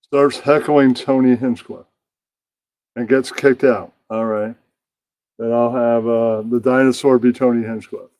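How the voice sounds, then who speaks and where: Man, puppet show host: slow, dark-toned, casual rambler, dry sound. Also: mid-range voice, fairly even intonation, dry recording. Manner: rambling, mumbles to himself between bits. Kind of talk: casual comedic narration.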